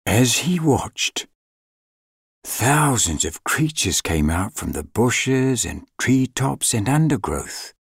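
Man narrating a storybook, husky voice, lively pitch, unhurried, dry close sound. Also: dry recording. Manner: slow, expressive read-aloud with dramatic pauses.

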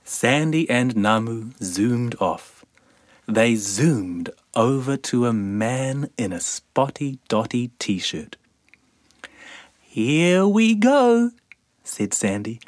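A reader telling a children's picture book in a slow, expressive storytelling voice. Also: mid-range voice, no echo.

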